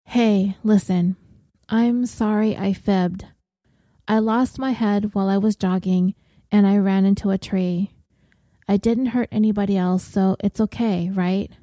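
A woman reading as a troubled, self-mocking woman in a storybook reading, gruff and wry in a low, mellow tone. The pace is slow and unhurried, and the sound is dry and close. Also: fairly even intonation, no echo, lightly acted. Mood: pleading. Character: troubled blunt woman, prone to self-harm.

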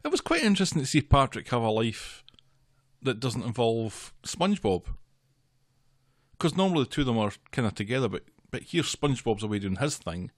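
Very low-voiced woman chatting. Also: very animated, brisk, dry recording. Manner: amused, dry commentary with frequent laughs. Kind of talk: casual chat about a cartoon.

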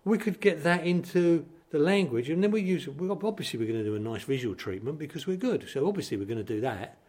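A man's voice: on the high side, lively intonation, quick pace, darkish tone. An older man from East London, an advertising executive, telling stories in an interview in a blunt, punchy way. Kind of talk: interview storytelling.

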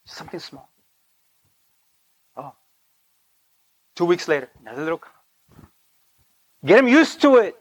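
A preacher delivers an informal, conversational sermon in a high, sing-song voice, speaking unhurriedly with long pauses and no room sound. He drops to a whisper for asides, rises for emphasis, and keeps checking in with his audience.

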